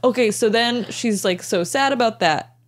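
A woman co-hosting a podcast, chatting casually with quick jokes and giggles. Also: a little high. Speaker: podcast co-host. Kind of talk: casual chat reviewing a movie.

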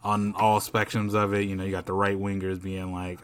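Man, podcast co-host, casual chat, profane slang, a bit low-pitched. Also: a little fast, clean tone. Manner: loose, profane, animated slang.

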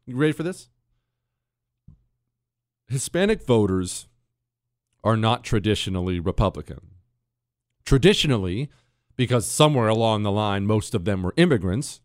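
In a radio studio, a middle-aged talk show host from the United States rants opinionatedly, sarcastic and combative, restarting often and drifting into asides. He speaks at medium pitch, recorded at studio quality without echo.

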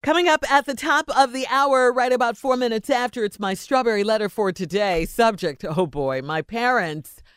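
A woman's voice: fairly high pitch, moderate pace, fairly bright tone, smooth, no room sound, studio quality, faint music behind. A woman hosting a radio show, bantering playfully and laughing easily.

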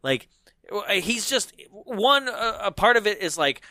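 A man casually chatting as a podcast co-host, animated and acting out quotes. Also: high-pitched, a little slow, dry recording, clean studio sound. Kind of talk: casual chat.

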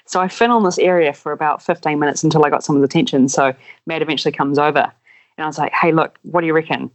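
Animated New man telling stories. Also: on the high side, fast, low-quality recording. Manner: animated, acts out voices in anecdotes. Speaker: podcast guest. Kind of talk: casual storytelling.

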